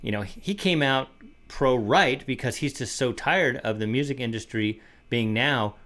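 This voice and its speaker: A man co-hosting a reaction show, pressing his points home with emphasis. He speaks at an ordinary pitch for a man and addresses the audience directly. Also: measured pace, a bit bright. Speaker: co-host. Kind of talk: reaction commentary.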